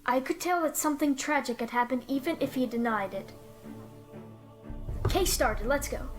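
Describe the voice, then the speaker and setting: A woman's voice: high-pitched, lively intonation, moderate pace, pauses often. A woman hosting a let's-play, chatting casually and reading game text aloud in an upbeat way. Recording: faint background music.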